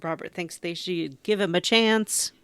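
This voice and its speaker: Low-voiced woman podcaster, dry and close, chatty story recaps with frequent laughter. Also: unhurried, clear, resonant tone, dry recording. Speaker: podcast co-host recapping a game. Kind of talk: casual chat.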